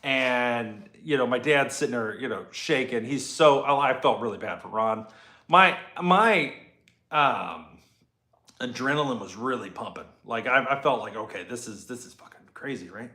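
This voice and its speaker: A man in his forties telling a story casually to camera, animated and swearing, acting out the people he quotes. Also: mid-range voice, normal speed, reverberant. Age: 40s. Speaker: shop owner vlogger. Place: garage workshop.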